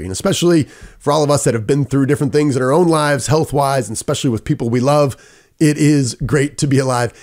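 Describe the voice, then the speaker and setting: A middle-aged man, hosting a podcast and telling a personal story with lively quoted dialogue. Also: mid-range voice. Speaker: podcast host. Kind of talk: storytelling monologue.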